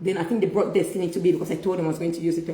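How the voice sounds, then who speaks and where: Lively storytelling woman in an echoey room. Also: fairly low pitch, racing. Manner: storytelling, animated, laughs often, quotes herself. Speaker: host. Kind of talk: casual faith-based conversation.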